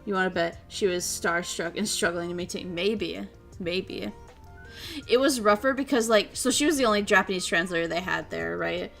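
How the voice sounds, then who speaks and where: A woman streamer chatting casually, telling a story in an excitable way, laughing often and acting out what people said. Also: lowish voice, normal speed, creaky, soft background music. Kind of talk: casual chat.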